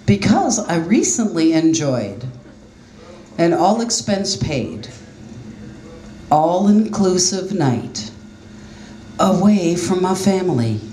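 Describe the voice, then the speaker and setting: Self-deprecating stand-up comic mom. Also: female voice, fairly low pitch, very animated, takes it slowly, long pauses, warm tone, a little hiss or hum. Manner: self-deprecating, conversational storytelling with quoted voices. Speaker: stand-up comedian. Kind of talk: stand-up comedy set. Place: small jazz club stage, live audience laughing. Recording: roomy club sound with faint ambience.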